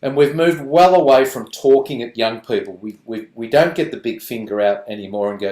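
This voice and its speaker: A man presenting to parents on a video call, animated and playful, slipping into quick voices to act out parents and children. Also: medium pitch, echoey room.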